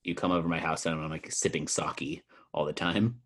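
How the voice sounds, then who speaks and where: A young man co-hosting a podcast, telling laid-back stories to friends with animated asides. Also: very deep voice, brisk. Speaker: podcast co-host. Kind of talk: casual chat among friends.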